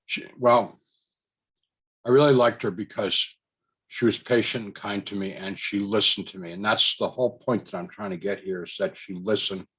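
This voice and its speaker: Man, lowish voice, casual rambling storyteller who chuckles between thoughts. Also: fairly even intonation, normal speed, a bit bright, slightly rough. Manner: rambling, with many fillers and restarts. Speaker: storyteller recounting a personal experience.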